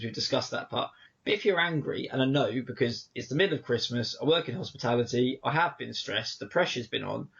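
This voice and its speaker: Male co-host, mid pitch, reflective rambler who acts out dialogue; lo-fi podcast sound. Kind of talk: casual chat. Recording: dull lo-fi podcast audio.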